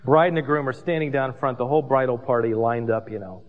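A pastor preaching a sermon, telling stories with asides and humor. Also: male voice, mid-range voice, fast. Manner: animated storytelling with asides and humor. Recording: dull reverberant hall recording.

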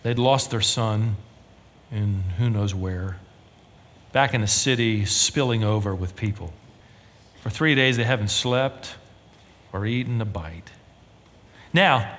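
Male pastor, emphatic sermon delivery, bright tone, long hall echo. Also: mid-range voice. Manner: animated preaching, emphatic rises and drops to near-whisper.

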